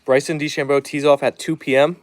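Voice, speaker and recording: A man casually chatting on a live stream at home, reading viewer comments aloud and softly hushing his dogs. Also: fairly high pitch, flat delivery, brisk. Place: at home, down in the basement.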